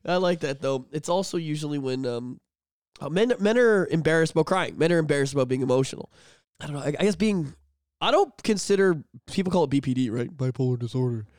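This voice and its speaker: Man, podcast co-host, candid swearing chat, fairly high voice, dry close sound. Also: lively intonation, fast talker, dry recording. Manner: swears a lot, bursts into loud shouted bits.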